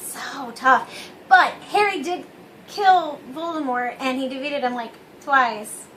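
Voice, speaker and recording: A young woman co-hosting a casual chat, goofy and quick to laugh and slip into silly voices. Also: sits high, sharp tone, slight background noise. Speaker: co-host.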